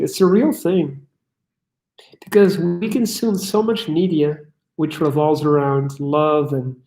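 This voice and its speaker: In an echoey room, a young man hosts a casual livestream, reading chat questions aloud and riffing on them bluntly with plenty of swearing. His voice is a little high with a darkish tone.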